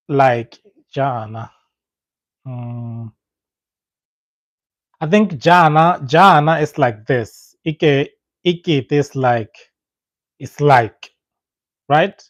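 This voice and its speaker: Setswana speaker, relaxed livestream host, mid-pitched voice, dry close sound. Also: dry recording, poor audio. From Botswana. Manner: chatty and reassuring, thinks aloud. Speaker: language channel host. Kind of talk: casual livestream chat.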